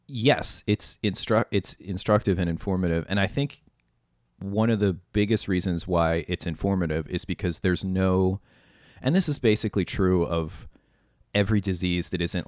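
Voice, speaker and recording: Low-voiced male host, loose and chatty, filler-heavy, laughs easily. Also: no room sound. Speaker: podcast host. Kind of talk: casual podcast chat.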